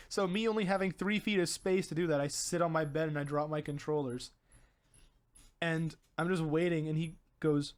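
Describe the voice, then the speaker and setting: A man's voice: fairly high pitch, steady tone, fast talker. A young man co-hosting a casual podcast, telling a long story with stumbles, repeated words and laughter. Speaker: podcast co-host. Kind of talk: casual chat.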